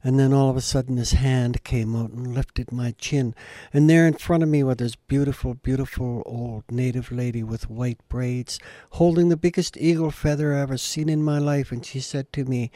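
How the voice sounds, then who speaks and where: In a dry, studio-quality recording, an older man speaks at normal speed with a steady, warm tone. He's a guest storyteller and musician, telling a heartfelt interview story in earnest. As the feeling builds at key moments, his pitch and volume climb.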